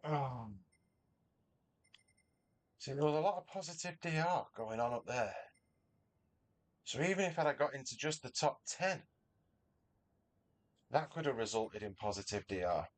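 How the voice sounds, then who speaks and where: A man's voice: medium pitch, expressive, measured pace, pauses often. Chatty Mancunian man streaming from his garage. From Northern England. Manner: chatty, self-deprecating, reads out chat. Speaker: livestreamer. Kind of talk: casual chat while racing. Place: home garage.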